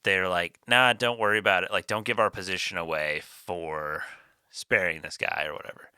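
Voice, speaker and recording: A man with a lowish, very bright voice co-hosts a casual podcast. He retells scenes with bursts of laughter and speeds through sponsor reads. The sound is dry and close to the mic. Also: steady tone, smooth, dry recording. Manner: laughs often while retelling, fast ad reads. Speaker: podcast co-host. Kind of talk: casual podcast chat with ad read.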